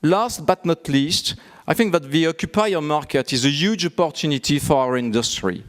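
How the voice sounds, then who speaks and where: A man with a fairly high voice delivers prepared remarks at a conference. He speaks in a measured way and steps through figures and trends. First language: French. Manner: measured, listing facts and figures. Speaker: keynote speaker. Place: conference hall.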